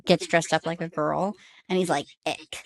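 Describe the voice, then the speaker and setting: A woman in her thirties co-hosting a podcast in casual chat, animated and blunt, laughing often. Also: low-pitched, moderate pace, vocal fry. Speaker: podcast co-host.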